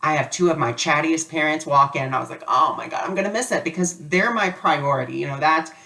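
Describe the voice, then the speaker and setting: A man's voice: on the high side, quick pace, vocal fry, sharp tone. A man giving a casual spiritual lesson, telling a personal story in a chatty way with many fillers. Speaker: spiritual teacher. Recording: voice a bit distant from the mic.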